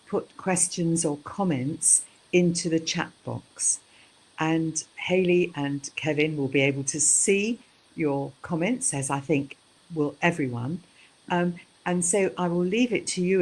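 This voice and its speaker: A woman's voice: low voice, darkish tone, husky, low-quality recording. A woman from the United Kingdom introducing speakers at an online event, polite and hesitant with many ums. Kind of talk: formal introduction.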